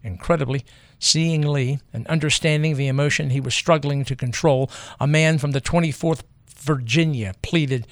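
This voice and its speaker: A man narrates history from a script, grave and measured, leaning on deliberate pauses. His voice sits a little high for a man, and the close mic sound is dry with no room around it. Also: dry recording.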